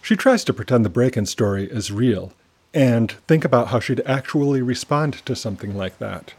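Husky man reading a story. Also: mid-range voice, lively intonation, moderate pace, a little mellow. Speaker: narrator. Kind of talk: storybook narration.

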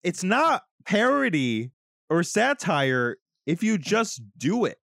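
A man co-hosting a casual podcast, emphatic and swearing, quick to laugh. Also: sits high, very animated, vocal fry, a bit bright, dry recording, studio quality. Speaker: podcast co-host.

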